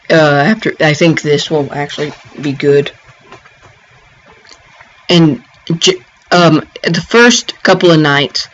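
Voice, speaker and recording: A man narrates a casual gameplay tutorial in a slightly higher voice. He rambles and stops short, filling gaps with ums and restarting his sentences. The recording is dull and lo-fi.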